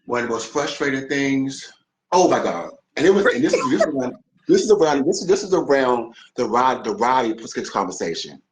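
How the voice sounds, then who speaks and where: Animated man with a lively voice. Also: medium pitch, normal speed, low-quality recording. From Washington D.C. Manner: animated, emphatic, profane, repeats words. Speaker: guest. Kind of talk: casual interview chat.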